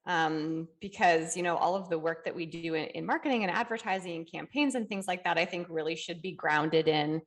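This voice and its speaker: A woman with a fairly low voice co-hosts a relaxed conversational podcast. She speaks in a measured, reflective way, building her points slowly and leaning on easy conversational fillers. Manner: measured, reflective, uses "you know" fillers. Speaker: podcast co-host.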